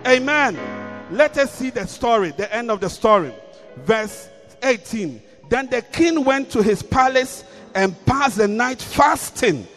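A man's voice: very high voice, animated, a little slow, a bit bright, big-room sound, soft background music. A man preaching a sermon, reading scripture and repeating key lines with rising emphasis.

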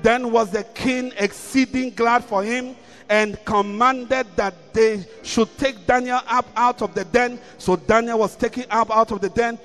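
A man's voice: very high-pitched, fairly even intonation, unhurried, a bit bright, big-room sound, soft background music. A man preaching a sermon, reading scripture and repeating key lines with rising emphasis.

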